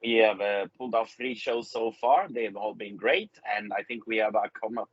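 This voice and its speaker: A middle-aged man with a Swedish accent, a touring musician chatting as a podcast guest, hesitant and filling pauses with "uh". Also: lowish voice, steady tone, breathy edge, no room sound, highs cut off. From Sweden. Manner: hesitant, many fillers, friendly. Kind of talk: casual interview chat.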